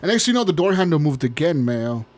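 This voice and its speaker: A man with a slightly higher voice tells a long story on a casual podcast. He rambles, swears freely and often breaks into laughter. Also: very animated, quick pace. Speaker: podcast co-host.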